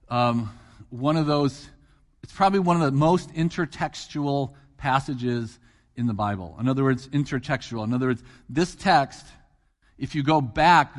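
A man's voice: mid-range voice, big-room sound. A middle-aged man preaching a sermon as guest preacher, talking in a conversational way, asking the congregation questions and repeating phrases for emphasis. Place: church hall.

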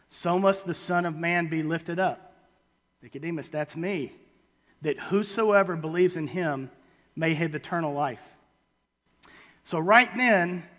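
A man preaching a sermon, reading scripture and acting out the people in it with halting, everyday paraphrases. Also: on the high side, a bit bright. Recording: long hall reverb.

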